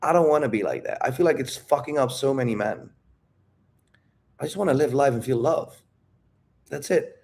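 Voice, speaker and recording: A man's voice: mid-range voice, animated, normal speed, gravelly, long pauses, a little mellow, a little hiss or hum. A man talking candidly about dating and his emotions, rambling and calling the listener "dude". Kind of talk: casual talk.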